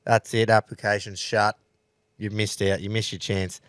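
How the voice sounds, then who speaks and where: A man's voice: on the low side, level tone, moderate pace, fairly bright tone, clean tone, no echo, clean studio sound. An Australian man co-hosting a podcast, telling pub yarns in casual chat, swearing freely and laughing through his stories. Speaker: podcast co-host.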